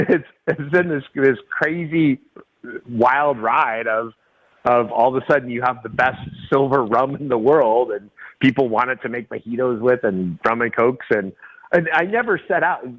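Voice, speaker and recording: A man's voice: medium pitch, normal speed. A middle-aged man, a guest on a call-in wine show, telling anecdotes casually, laughing often and acting out quoted dialogue. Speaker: guest, winery and rum company owner. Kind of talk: casual storytelling interview. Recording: dull lo-fi call-in audio.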